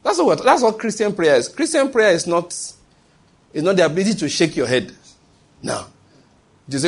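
Man, preacher, husky voice, sermon delivery, repeats key phrases, asks and answers his own questions. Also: high-pitched, big pitch swings, normal speed, long pauses. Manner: rhetorical questions answered himself, emphatic repetition.

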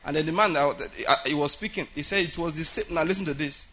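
High bright-voiced guy preaching, husky edge, lively and laughing, acts out quotes. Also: quick pace. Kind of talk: sermon. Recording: prayer meeting hall.

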